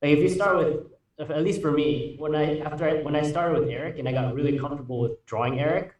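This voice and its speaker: A man's voice: fairly high pitch, fairly even intonation, fast, darkish tone, slight background noise. A man teaching drawing in a casual, rambling way, restarting sentences and using fillers. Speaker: art instructor.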